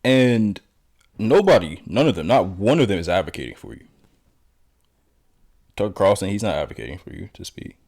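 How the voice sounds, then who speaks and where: A man's voice: low voice, sing-song, normal speed, creaky, pauses often, a little mellow. A man giving political commentary in a blunt, lecturing, confrontational manner.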